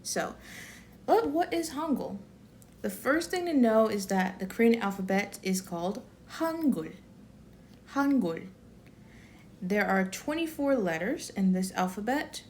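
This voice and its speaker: A woman's voice: medium pitch, animated, a little slow, a little mellow, slight background noise. A woman giving a casual online language lesson, chatty and rambling, often correcting herself and laughing. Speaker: Korean language teacher.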